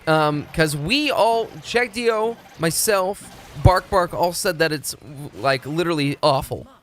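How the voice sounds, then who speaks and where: A man's voice: fairly high pitch, unhurried, slight background noise. A young man from Texas, chatting casually and profanely on a live stream. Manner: rambling, profane, laid-back.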